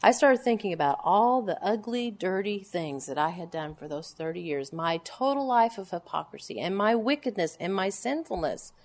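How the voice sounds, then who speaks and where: A woman in her forties teaching the Bible to a room of women. She preaches with wide swings, punching single words loudly and then sinking to quiet, grave lines, all in a mid-pitched voice. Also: lively intonation, normal speed, hardly any pauses. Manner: emphatic preaching, swings from loud declarations to hushed low lines. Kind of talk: sermon to a women's gathering.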